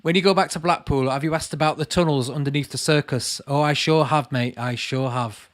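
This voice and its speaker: A man's voice: fairly high pitch, steady tone, fairly quick. A man in his late thirties with a Lancashire accent, chatting casually on a livestream, reading viewer comments aloud and calling people mate. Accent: Lancashire English. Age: late 30s. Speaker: channel host answering live chat.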